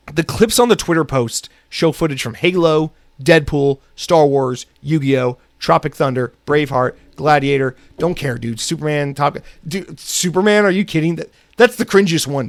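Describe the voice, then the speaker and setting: A man's voice: a little high, normal speed, no echo. Angry profane man ranting, dry sound. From United States. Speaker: podcast host. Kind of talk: solo podcast rant.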